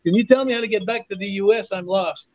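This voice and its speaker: A man putting on a lost, flustered American tourist. The voice rises higher as he pleads for directions. The audio is dull and lo-fi. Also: fast talker, soft background music. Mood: pleading.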